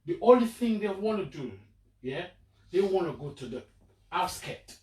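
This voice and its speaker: A man's voice: high voice, big pitch swings, moderate pace, a little mellow. Man co-host, emphatic, repeats lines, roomy distant sound. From Africa. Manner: emphatic, repeats phrases, chimes in. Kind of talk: casual discussion. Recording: echoey room, distant mic, faint ambience.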